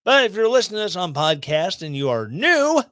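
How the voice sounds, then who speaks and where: A man's voice: sits high, big pitch swings, a little fast, fairly bright tone, no room sound, studio quality. Chatty man hosting a news podcast. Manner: rambling, self-deprecating, sarcastic asides. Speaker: podcast host. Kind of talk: casual news commentary. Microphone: studio microphone.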